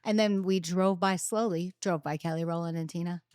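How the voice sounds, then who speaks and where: A woman's voice: on the low side, a little fast, clean tone, no room sound, studio quality. A woman in her thirties hosting a podcast, chatting casually and acting out the people in her stories with big voices. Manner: animated storyteller, acts out quotes loudly. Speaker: podcast host. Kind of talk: casual chat.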